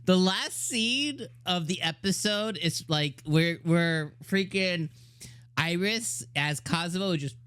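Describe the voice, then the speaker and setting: Excitable reviewer, frequent laughter, slangy, mid pitch, dry close recording. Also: slow pace, clear, resonant tone, dry recording. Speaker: anime reviewer. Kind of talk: casual video review.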